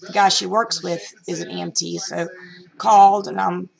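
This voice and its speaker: A woman's voice: fairly low pitch, steady tone, normal speed, vocal fry, darkish tone, low-quality recording. A middle-aged woman vlogging about reselling, telling a story in a rambling, chatty way with lots of fillers and restarts. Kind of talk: casual storytelling vlog.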